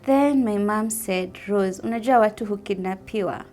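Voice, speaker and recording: A young woman with a Kenyan accent telling a personal testimony in a soft-spoken way, mixing English with Swahili. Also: mid-range voice, moderate pace, soft background music. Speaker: vlogger sharing a personal testimony.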